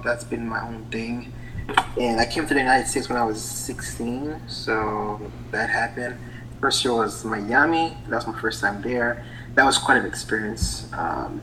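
A young man from Haiti speaks with a Haitian accent in a relaxed interview. His voice is bright, and he often pauses to think and restarts his sentences. A faint hiss sits under the recording. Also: mid-range voice, low-quality recording. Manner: hesitant, many ums and restarts. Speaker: guest. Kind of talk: casual interview.

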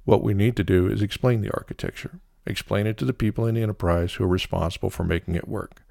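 A man hosting a solo podcast episode, explaining his opinions in a measured way with the occasional filler. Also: lowish voice, steady tone, creaky, mellow, no room sound, clean studio sound. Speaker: podcast host.

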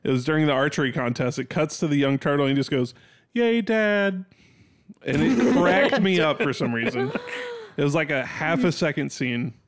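A man's voice: mid-range voice, steady tone, fast talker. A man of thirty-one in a casual movie podcast chat, dry and laid-back. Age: 30s.

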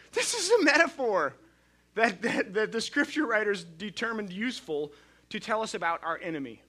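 A man's voice: high voice, expressive, moderate pace, pushed and bright. A male pastor preaching a sermon in a conversational, storytelling way, often restarting his sentences.

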